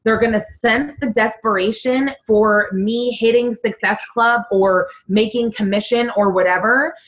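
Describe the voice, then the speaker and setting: A woman's voice: a little high, low-quality recording. Earnest young woman giving a pep talk. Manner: earnest, animated, fast bursts with many "like"s. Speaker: fitness coach. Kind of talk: team coaching call pep talk.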